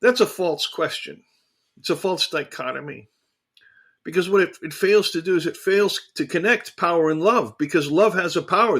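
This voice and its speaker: A man co-hosting a casual theological discussion, talking in an animated, emphatic way and repeating phrases for emphasis. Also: sits high, normal speed, husky. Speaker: podcast co-host.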